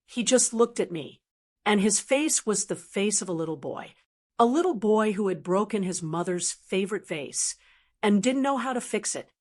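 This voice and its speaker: Calm older woman storyteller. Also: medium pitch. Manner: calm, measured. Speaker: narrator. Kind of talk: storytelling narration.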